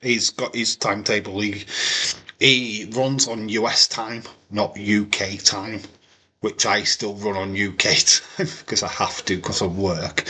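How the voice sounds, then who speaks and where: A man from the UK hosts a relaxed live watch-along and chats loosely over the show. His voice is bright and a little husky. He talks at an unhurried, drawn-out pace. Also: lowish voice. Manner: joking, chatty, often breaks into impressions. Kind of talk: casual live commentary over a wrestling show.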